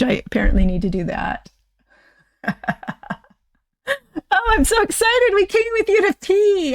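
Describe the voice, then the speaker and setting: A woman's voice: medium pitch, no room sound. Chatty woman in her sixties, dry close mic. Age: 60s. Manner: chatty, rambling, self-deprecating. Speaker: livestream host. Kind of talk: casual livestream chat.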